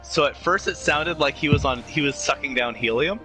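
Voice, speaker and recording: A man's voice: a little high, fairly quick, sharp tone, soft background music. A man chatting casually while gaming, telling wry stories about the session. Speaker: gamer on a group voice chat.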